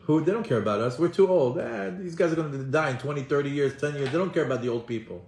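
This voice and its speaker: Male rabbi, higher-pitched voice, animated storytelling sermon with dramatic quoted lines, echoey room. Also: a little hiss or hum. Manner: animated, acts out quotes with rising pitch and fast bursts; mixes Hebrew quotations with English translation. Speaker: rabbi giving a Torah class.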